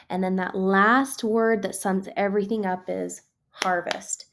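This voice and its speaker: A woman's voice: medium pitch, normal speed, hardly any pauses, background noise. A woman teacher walking students step by step through a screen-recorded art tutorial, friendly and patient, with frequent ums.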